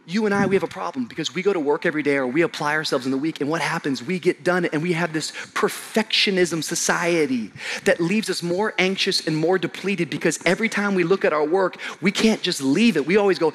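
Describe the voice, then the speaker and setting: A man preaching a sermon to a live congregation, casual and slangy, swinging from shouted emphasis to quiet low asides. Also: a little fast. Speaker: pastor.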